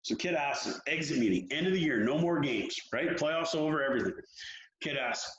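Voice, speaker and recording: Frank, animated man in roomy audio. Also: a little high, brisk, slight background noise. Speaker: hockey development coach. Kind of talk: candid interview talk. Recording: roomy, dull lo-fi sound.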